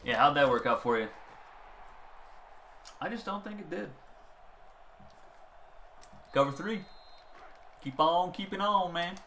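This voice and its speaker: A man narrates his own video game football match. His pitch swings widely as he goes from calm play-calling to loud outbursts over bad plays. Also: takes it slowly, long pauses, slight background noise. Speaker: gaming channel host. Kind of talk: gameplay commentary.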